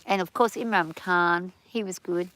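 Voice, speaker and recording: A woman's voice: on the low side, steady tone, unhurried, a bit bright. A middle-aged Australian woman chatting casually on a farm livestream, rambling and laughing easily, a bit stuffy from hay fever.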